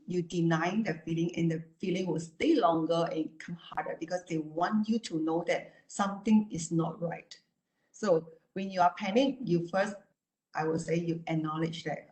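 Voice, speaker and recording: A woman with a fairly low voice speaks as a therapist in an online talk. She coaches calmly and repeats herself, checking in with "right?" and "you know". The sound is roomy and echoey. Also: normal speed.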